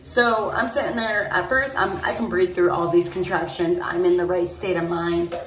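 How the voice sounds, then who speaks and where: A young woman vlogger with a lowish, steady, slightly bright voice tells a long personal story to her phone camera at a moderate pace. She rambles chattily, dropping plenty of "like" and "mind you." The phone is held at a distance, giving a roomy echo with slight background noise.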